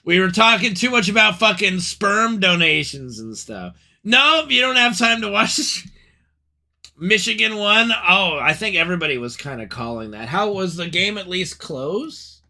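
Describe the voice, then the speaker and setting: A man chats with his live-stream audience in an unhurried, swinging voice, riffing on whatever comes up. His tone is high and very bright, and he curses freely and breaks into sudden loud outbursts. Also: sing-song. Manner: profane, loud outbursts and laughing asides to chat. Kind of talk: casual live-stream chat.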